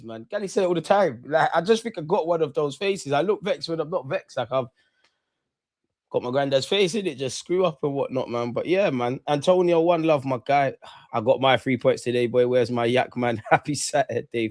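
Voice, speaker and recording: A young man, hosting a live football watch-along. He chats casually and excitedly in slang, speaking straight to his viewers. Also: a little high, moderate pace. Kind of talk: casual live-stream chat and commentary.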